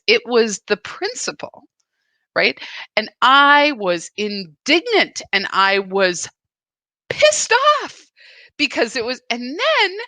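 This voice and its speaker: With a medium-pitched, bright and forceful voice, a woman hosts a live reflective spiritual session. She talks earnestly, confessing and searching, and the recording has no room sound.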